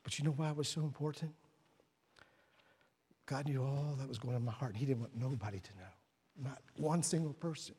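A man preaching a sermon at a church service, telling stories and dropping to hushed tones for emphasis. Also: mid-range voice, brisk, long pauses, husky. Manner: storytelling, drops to hushed tones. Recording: long hall reverb.

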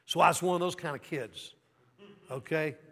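Brief: man from the American South, middle-aged pastor, storytelling sermon with call-and-response, slightly high voice, echoing hall. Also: normal speed, creaky, a bit bright. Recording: long hall reverb.

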